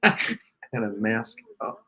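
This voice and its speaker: A man's voice: lowish voice, very animated, very slow, pushed and bright, slightly rough. A man co-hosting a live game watch party, talking bluntly and swearing freely. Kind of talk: casual live game chat.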